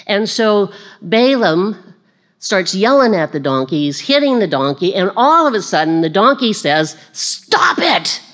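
A woman delivers a sermon in a chatty, conversational style, poking fun at herself and laughing on the side. She becomes more animated while retelling stories, her mid-range voice moving at a moderate pace.

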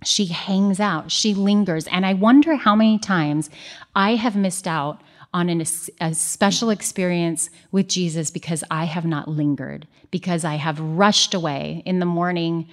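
A woman's voice: lowish voice, a little slow. A married woman giving an earnest, conversational Bible study teaching, mixing scripture reading with personal asides. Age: young adult or middle-aged, married mother.

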